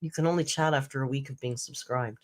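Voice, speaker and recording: A woman's voice: extremely low pitch, quick pace, darkish tone. A woman hosting a casual live-stream chat, telling stories in a chatty way and acting out what others said. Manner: chatty storytelling, frequent laughs, acts out other people's lines. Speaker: YouTube commentary host.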